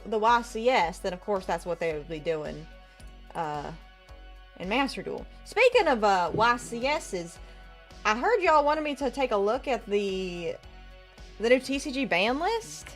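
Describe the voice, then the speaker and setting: A woman's voice: on the high side, moderate pace, faint music behind. Woman doing a howdy-saying Southern gal. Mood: playful. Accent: put-on American Southern. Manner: lively, drawling, greets viewers with howdy. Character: folksy twangy Southern gal greeting chat. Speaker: game streamer. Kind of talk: casual live-stream chat.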